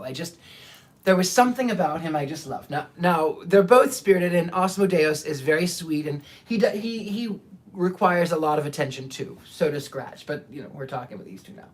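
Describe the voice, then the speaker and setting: Animated man telling a story. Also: fairly high pitch, normal speed. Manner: animated, repeats words, acts out quoted voices. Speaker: psychic telling stories to camera. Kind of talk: casual storytelling monologue.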